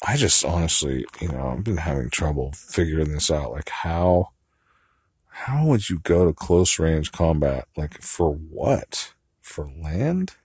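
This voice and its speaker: A man with a very low voice talks to himself in a loose, rambling monologue. He muses and swears casually, full of fillers. The sound is dry and close, with no room around it. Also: animated, measured pace, darkish tone, breathy edge, no room sound. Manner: musing and profane, with frequent fillers.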